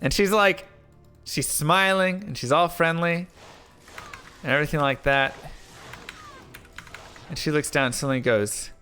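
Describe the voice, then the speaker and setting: A man live-streaming, telling a rambling story in a casual, animated way with lots of filler words. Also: a little high, measured pace, pauses often, soft background music. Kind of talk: casual storytelling while gaming.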